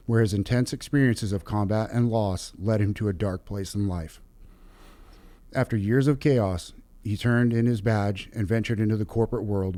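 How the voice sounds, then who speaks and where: A lower-voiced man hosts a podcast interview, chatty and quick to laugh. The sound is dry and close, with no room around it. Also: no room sound. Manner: energetic, laughs often, chatty. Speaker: podcast host.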